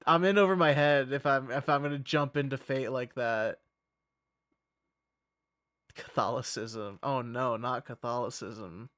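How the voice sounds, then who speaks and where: Slow, profane male streamer chatting. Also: mid-range voice, a bit bright, smooth. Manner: rambling, profane, laughs often. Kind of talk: casual livestream chat.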